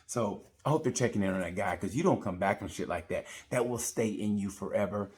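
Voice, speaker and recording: A man's voice: lowish voice, brisk. A man giving a rambling, profane comedic review of a motorcycle race. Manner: rambling, profane, animated storytelling. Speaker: comedy racing commentator.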